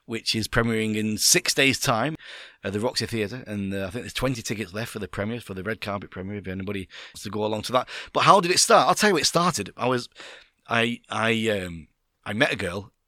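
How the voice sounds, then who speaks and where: Animated, bright-voiced man telling stories. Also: on the low side, a little fast, no echo, clean studio sound. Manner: animated storyteller, laughs often. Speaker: podcast guest, skydiving event presenter. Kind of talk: casual storytelling chat.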